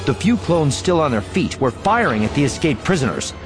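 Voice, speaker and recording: A man narrating a dramatic story in an expressive audiobook reading, shifting voices for the characters. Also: a little high, a little fast, music in the background.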